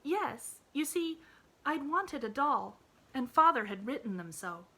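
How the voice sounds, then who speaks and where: A chirpy little girl bursting with eagerness, as a woman reads her aloud for a storybook. The voice is high and airy, with a bright, clear ring and a lilting, singsong swing. Bubbly and breathless, she rushes along, full of sunny delight. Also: sing-song, exaggerated voice. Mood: cheerful.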